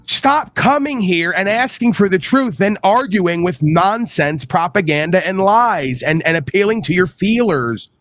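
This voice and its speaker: Streaming host, male, high-ish voice, dry close sound, scornful lecturing tone, rattles off lists of insults. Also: animated, measured pace, hardly any pauses, fairly bright tone, no echo. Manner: mocking quoted voices in a high sing-song. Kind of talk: heated argument on a livestream.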